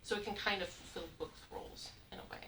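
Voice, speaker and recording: A woman presenting at a committee meeting, explaining in a measured way. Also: mid-range voice, fairly even intonation. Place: county meeting room. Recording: echoey room, distant mic, clear noise.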